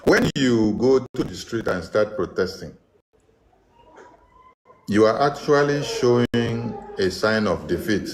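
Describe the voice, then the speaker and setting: A man's voice: fairly low pitch, background noise. A man with a Nigerian accent giving mocking political commentary and slipping into Pidgin. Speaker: online commentator.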